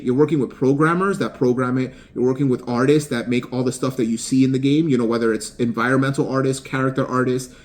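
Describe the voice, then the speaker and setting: A man's voice: medium pitch, darkish tone. A man with an ordinary, mid-range voice talks through a motivational lesson in an unscripted, conversational way. He rambles, repeats words and leans on fillers as he thinks aloud about his work as a writer and game maker. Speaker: author and game developer. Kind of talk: casual motivational monologue.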